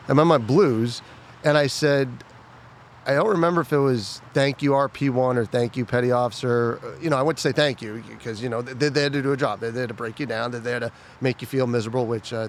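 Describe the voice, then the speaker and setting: Man telling stories, mimicking drill shouts. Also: medium pitch, slight background noise. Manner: animated storyteller, mimics shouting drill instructor. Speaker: podcast co-host. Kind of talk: casual chat.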